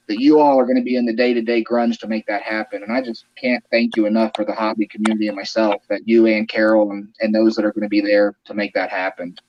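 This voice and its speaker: Man, animated storyteller, laughing, casual chat, muffled lo-fi audio, noisy background. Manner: animated, laughing, voice climbing high when excited. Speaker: guest telling a story. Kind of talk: casual storytelling on a group video call. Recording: dull lo-fi sound with clear background noise.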